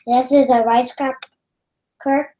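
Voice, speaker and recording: A woman's voice: high-pitched, flat delivery, slow pace, dark tone, slight background noise. A chatty, playful woman joining a live stream, speaking from off to the side of the mic.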